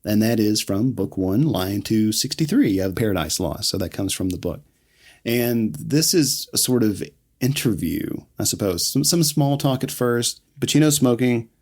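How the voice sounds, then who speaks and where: A man's voice: fairly low pitch, expressive, moderate pace, darkish tone. A man raised in the American South, casually recapping a film scene by scene as podcast co-host, laughing often. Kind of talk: casual movie recap chat.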